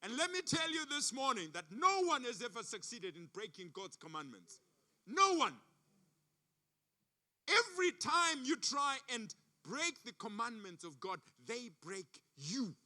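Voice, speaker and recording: This guest preacher, a man from Africa, tells stories in his church sermon with emphatic repetition of phrases. His high voice is very animated and sharp in tone, though his pace stays measured.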